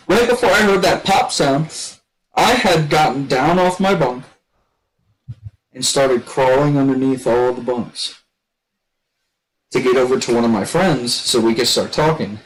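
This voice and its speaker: A man telling a long story in casual chat. He rambles and restarts a lot, and shouts when he quotes other people. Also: on the high side, measured pace, rough recording. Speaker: gaming streamer telling a story.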